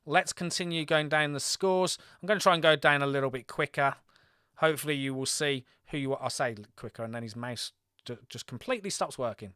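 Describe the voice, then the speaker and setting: A man from Birmingham talks through a live strategy-game stream, reading scores aloud and chatting with his viewers. His voice is smooth and clean at a middling pitch. The sound is close and dry. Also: fairly quick, sharp tone, no echo. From Birmingham, England.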